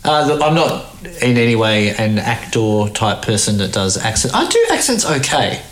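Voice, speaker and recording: A man's voice: medium pitch, big pitch swings, normal speed, a bit bright. A man co-hosting a casual chat, rambling and often restarting his sentences with an occasional laugh. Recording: roomy echo.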